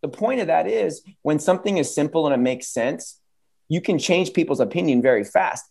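A man answering interview questions as an educator guest, energetic and telling stories with vivid, punchy phrasing. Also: a little high, fairly quick, gravelly, husky. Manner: energetic storyteller, acts out quoted voices.

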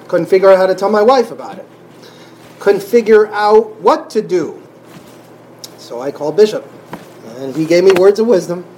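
A man sharing a personal faith testimony in an emotional, halting way, often restarting his sentences and sighing. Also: fairly high pitch, darkish tone, slight background noise, poor audio. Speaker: church member sharing testimony.

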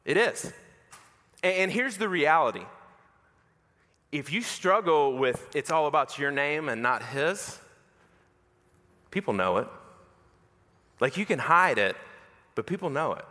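Bright-voiced preacher in a reverberant hall. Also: male voice, on the high side, a little slow, long pauses. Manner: animated, self-mocking storyteller who acts out dialogue. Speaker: pastor. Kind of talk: sermon with personal storytelling.

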